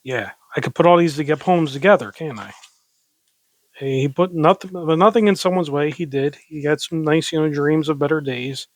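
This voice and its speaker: A man casually reading public domain poetry, reciting slowly and dramatically and rambling between poems. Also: fairly high pitch, no echo. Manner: rambling, self-directing, chatty between poems; slow, dramatic recitation with mock pirate growls. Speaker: poetry reader.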